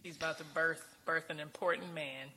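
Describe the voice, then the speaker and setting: Wry, bright-voiced woman podcaster. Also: sits low. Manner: wry, deadpan asides, quick to laugh. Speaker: podcast co-host. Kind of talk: casual comedic book discussion.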